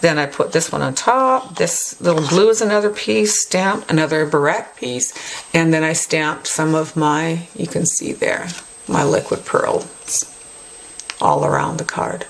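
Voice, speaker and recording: A woman hosting a craft tutorial, chatting casually as she shows her work and often adds a quick "right?". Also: deep voice, slight background noise. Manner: chatty, tacks on "right?" tag questions. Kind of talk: casual show-and-tell tutorial.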